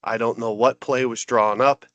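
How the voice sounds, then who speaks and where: A man's voice: mid-range voice, moderate pace, dry recording, highs cut off. A man co-hosting a podcast, delivering a heated, exasperated sports rant. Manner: exasperated, animated ranting. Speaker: podcast co-host.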